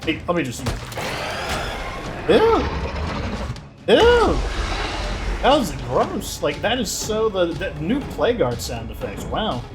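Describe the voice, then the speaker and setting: A man hosting a let's play, commenting in an excitable, rambling way and filling his talk with "like". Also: fairly high pitch, moderate pace, hardly any pauses, music in the background. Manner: excitable, rambling, heavy use of "like". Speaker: gaming channel host.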